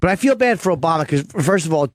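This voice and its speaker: Fast-talking man, radio host. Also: on the high side, no echo. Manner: fast, animated storytelling with swearing. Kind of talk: casual radio banter. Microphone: studio microphone.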